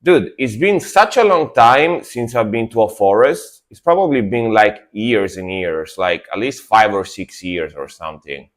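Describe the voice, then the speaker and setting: A man talks casually to his stream viewers in a somewhat low voice. He sounds sleepy, as if he just woke up, and rambles along, repeating words with plenty of fillers. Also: expressive, measured pace, hardly any pauses. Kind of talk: casual livestream chat.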